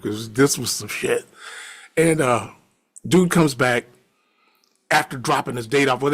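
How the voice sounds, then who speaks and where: A middle-aged man telling a story casually, animated, laughing often and swearing freely. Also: medium pitch.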